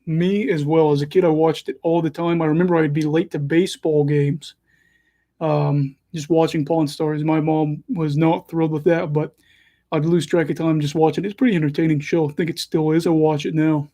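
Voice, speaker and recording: A man's voice: on the high side, little pitch movement, normal speed, dark tone. A young man hosting a casual livestream, calling hockey play as he watches and chatting between moments in a self-deprecating way. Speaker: livestream host and hockey commentator.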